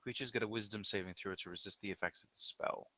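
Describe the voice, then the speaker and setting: A man's voice: lowish voice, fast, pushed and bright, dry recording. A man playing in a tabletop game, thinking aloud as he reads spell rules and weighs his options. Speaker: player. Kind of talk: casual tabletop game chat.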